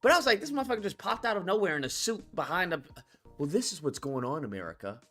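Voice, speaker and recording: Profane, animated man ranting on stream. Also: high voice, quick pace, faint music behind. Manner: profane, blunt, exasperated ranting. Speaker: host of a call-in commentary stream. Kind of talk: casual political commentary.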